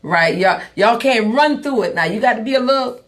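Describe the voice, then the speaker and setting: A woman's voice: on the high side, expressive, a little fast. A woman hosting a live-streamed podcast, chatty, calling listeners "y'all" and repeating points for emphasis. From Savannah, Georgia. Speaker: podcast host. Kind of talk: casual live-streamed talk show.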